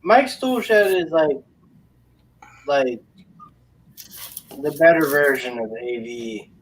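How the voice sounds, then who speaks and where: A man's voice: fairly high pitch, very animated, slow pace, far from the mic, poor audio. A man in casual chat, talking loosely and packing his lines with fillers. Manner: loose, filler-heavy talk.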